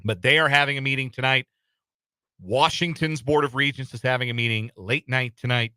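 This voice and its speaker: A man's voice: medium pitch, fairly quick, sharp tone, smooth, dry recording. A man hosting a sports talk radio show from a studio, talking in a casual, chatty way with some uh fillers and repeats. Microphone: studio microphone.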